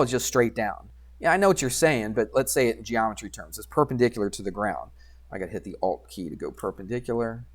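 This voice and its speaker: A man teaching a geometry class, chatting casually while he works drawing software, quizzing students and answering his own questions. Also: medium pitch. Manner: conversational, asks students questions and answers himself; talks while working drawing software, mutters asides. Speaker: math teacher.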